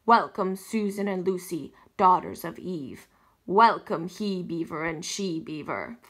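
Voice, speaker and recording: A woman reading a storybook aloud, voicing a majestic male lion king in a slow, grave, lowered voice. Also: a bit bright, breathy edge. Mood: solemn. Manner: slow, grave, deep-toned delivery.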